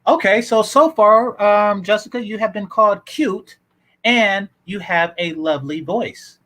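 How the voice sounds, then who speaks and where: A man's voice: sits high, unhurried, bright, forceful tone. A man hosting a casual reaction commentary, breaking into sarcastic, exasperated asides between clips.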